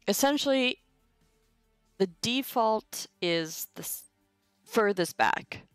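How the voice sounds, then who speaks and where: Slow-talking, chatty woman teaching Latin. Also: lowish voice, no echo. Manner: chatty and informal, with asides to chat. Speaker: Latin tutor streaming a live lesson. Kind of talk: casual livestream teaching.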